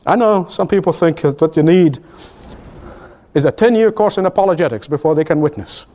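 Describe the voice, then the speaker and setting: High-voiced emphatic male preacher. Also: lively intonation, mellow, slight background noise. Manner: emphatic, repetitive preaching cadence; swings between high exclamations and low, drawn-out solemn lines. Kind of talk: sermon.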